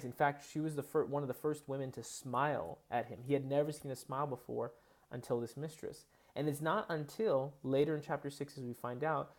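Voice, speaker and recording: Man, college English instructor, recorded lecture, mid pitch, explanatory, frequent fillers and restarts.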